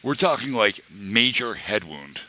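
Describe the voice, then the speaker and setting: Very animated but keeping a measured pace, a young streamer tells his chat a wandering story, restarting often, filling gaps and voicing other people's lines. His voice sits very low yet comes across bright and forceful.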